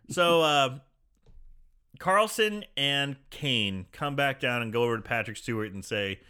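A man co-hosting a casual chat, retelling a film scene with animated storytelling, acting out the characters' lines. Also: medium pitch, slow, smooth. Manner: animated storytelling, acting out quoted lines, frequent laughs and swearing. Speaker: podcast co-host recapping a film.

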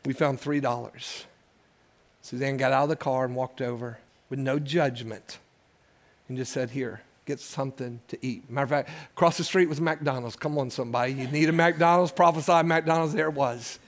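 At a church service, a pastor in his sixties preaches a sermon in a mid-range, steady voice at normal speed. He shifts between folksy storytelling and fervent appeals, calling out to the congregation.

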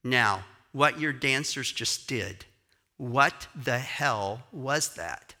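A man acting out a shaken young male professional dancer, blunt and amazed, in an excited and emphatic way. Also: on the low side, normal speed.

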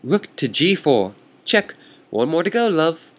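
A man's voice: on the high side, sing-song, a little slow, pitched above the performer's own voice. A man voicing a smug male chess player who taunts his opponent in a theatrical, condescending manner.

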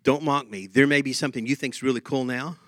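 A man preaching a lively sermon, humming tunes and laughing as he talks. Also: medium pitch, quick pace, no echo, clean studio sound.

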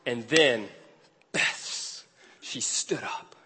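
Bright-voiced man preaching in a hall. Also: on the high side, animated, normal speed. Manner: self-deprecating, chatty, laughing at himself. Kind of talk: storytelling sermon. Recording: long hall reverb.

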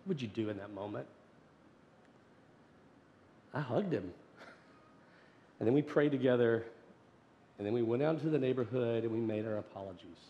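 Male pastor, mid-pitched, storytelling sermon, animated then hushed, long church-hall echo. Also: moderate pace, pauses often, dull audio, slight background noise. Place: church sanctuary.

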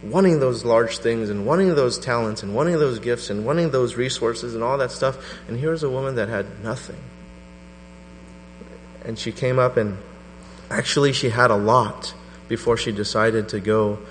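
Man, pastor, middle-aged, animated sermon storytelling, echoing hall, faint mains hum. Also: moderate pace. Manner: animated storytelling, voice rising to a high pitch in quoted prayers.

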